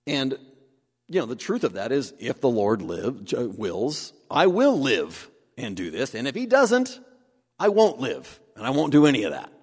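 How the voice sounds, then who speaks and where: A man preaching a sermon, animated, acting out the voices he quotes. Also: mid-range voice, measured pace, husky. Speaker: pastor. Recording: long hall reverb.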